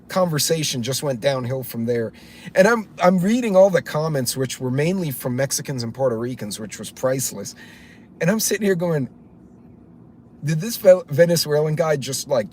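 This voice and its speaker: A man's voice: medium pitch, darkish tone, slight background noise. A man hosting a live stream, rambling bluntly in casual commentary, swearing offhand and greeting viewers by name as he goes. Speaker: livestream host reading chat.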